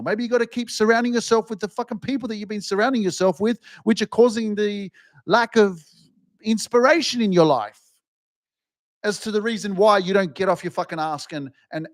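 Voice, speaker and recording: On his self-help podcast, a man gives a blunt, profanity-laced pep talk that frequently rises into a fervent, higher-pitched rant.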